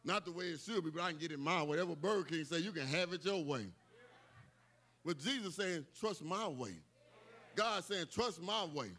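A man preaching a sermon with folksy asides, building to emphatic, repeated shouted lines. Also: a little high, normal speed. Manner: emphatic, repetitive call-outs, bursts of shouting.

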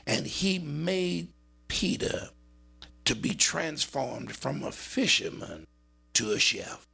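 A man preaching a dramatic sermon, swinging between high urgent cries and low murmured passages. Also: very animated, slow pace, vocal fry, bright, forceful tone, husky.

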